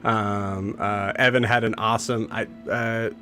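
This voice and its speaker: A man's voice: lowish voice, flat delivery, a little slow, sharp tone, faint music behind. A man hosting a game stream, casually announcing campaigns and rambling with many filler words and restarts. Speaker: game master and show host.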